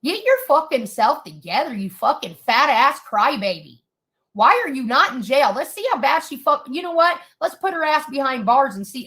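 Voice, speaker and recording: A woman tears into someone in a heated, expletive-filled rant. Her voice sits high and rings bright and sharp. She sounds fed up and furious throughout. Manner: furious, profane ranting. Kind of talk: angry rant.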